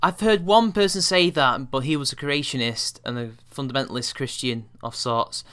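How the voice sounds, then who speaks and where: A man's voice: medium pitch, normal speed, fairly bright tone, clean tone. A man giving response-video commentary, rebutting with scorn and exasperation.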